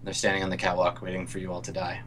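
A man's voice: low-pitched, completely flat delivery, rapid-fire, fairly bright tone, a little hiss or hum. A man narrating as game master, hesitant, with many ums and restarts.

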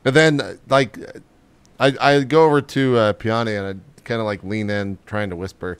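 A man's voice: lowish voice, fairly even intonation, moderate pace, clean tone. A man playing a tabletop role-playing game, talking in character in a brash, bossy, profane way. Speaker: player.

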